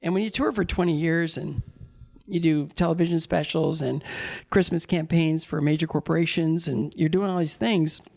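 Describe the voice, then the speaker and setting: A man in his sixties, a guest in a casual chat, telling rambling, animated stories full of restarts. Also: a little high, normal speed, gravelly.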